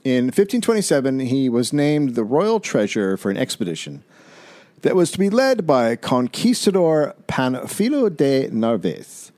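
A man's voice: mid-range voice, big pitch swings, normal speed, darkish tone, dry recording. A man co-hosting a comedy podcast, loosely retelling history with swearing. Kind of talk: casual storytelling.

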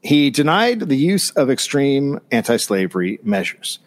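A man reads history aloud in a casual comedic podcast. His pitch swings widely as he goes. He breaks off the text for dry, sarcastic commentary. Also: big pitch swings, unhurried. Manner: reads notes, then riffs with dry sarcasm. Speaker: podcast co-host reading history.

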